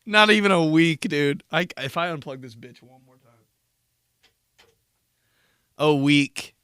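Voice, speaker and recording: A man's voice: a little high, slow, a bit bright, clean tone, dry recording, studio quality. A young man hosting a casual solo podcast, rambling through profane stories and laughing at his own jokes. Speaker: podcast host.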